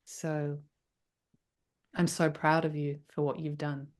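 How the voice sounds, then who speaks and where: A woman voicing an enslaved woman from a vision. She speaks softly and haltingly, gentle and hopeful despite her suffering. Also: sits low, fairly even intonation. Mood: hushed sorrowful.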